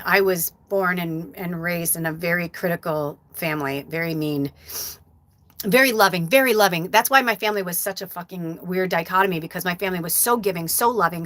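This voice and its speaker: A woman's voice: mid-range voice, fairly bright tone. A middle-aged woman hosting a live stream as a medium, talking casually and from the heart, rambling with many fillers.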